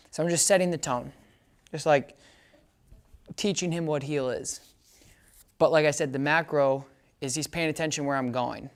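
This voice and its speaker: A man's voice: fairly high pitch, measured pace, pauses often. Chatty male dog trainer. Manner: chatty, keeps checking understanding; bright, upbeat praise commands to the dog. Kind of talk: casual hands-on training demo.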